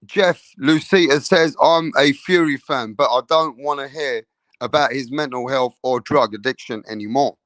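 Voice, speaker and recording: A man hosting a boxing livestream, reading out chat comments and giving loose, profane shout-outs. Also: mid-range voice, normal speed, no room sound.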